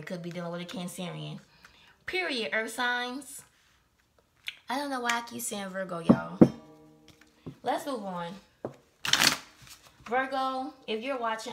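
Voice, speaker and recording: Bright-voiced, profane woman tarot reader. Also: mid-range voice, a little hiss or hum. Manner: profane, slangy, chatty; keeps correcting herself. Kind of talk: casual tarot reading for a zodiac sign.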